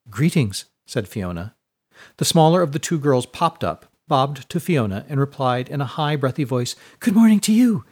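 A man narrating a storybook chapter in a measured, expressive reading. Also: medium pitch.

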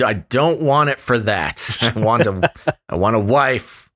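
A man's voice: mid-range voice, lively intonation, unhurried, a bit bright. A man co-hosting a casual podcast, reading a news story aloud with jokey asides and frequent laughter. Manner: wry, joking, laughs often while reading. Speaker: podcast co-host.

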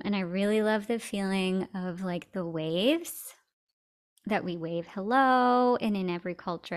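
A woman co-hosting a podcast over a video call, talking in a gentle, reflective way with easy giggles. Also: medium pitch, gravelly.

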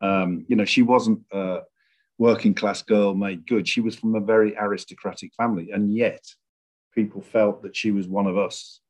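Middle-aged guy, low-ish voice, measured and reflective, chatting about his writing. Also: fairly even intonation, darkish tone. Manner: reflective, measured, searching for words. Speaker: screenwriter guest. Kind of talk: conversational interview.

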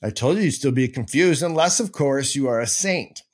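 A man's voice: mid-range voice, expressive, moderate pace, husky. A man hosting a podcast, teaching in a casual, digressive and self-mocking way, breaking into goofy sound effects. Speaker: podcast host.

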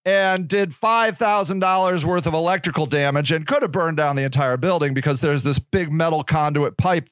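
A man's voice: a little high, a bit bright, no echo. A man hosting a podcast, telling a story in a rambling, casual monologue, swearing freely and stumbling over repeated words. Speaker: podcast host.

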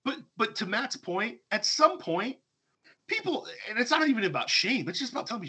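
Husky, lively man ranting. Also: high voice, a little fast. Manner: ranting, sarcastic, emphatic. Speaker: podcast host. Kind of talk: heated opinion talk.

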